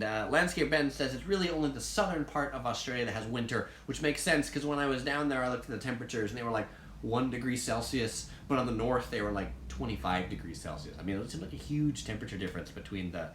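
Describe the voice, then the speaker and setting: A man's voice: mid-range voice, fairly quick, a bit bright, reverberant, a little hiss or hum. An American man hosting a casual live chat and answering viewer comments, rambling along with lots of ums, uhs and likes. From United States.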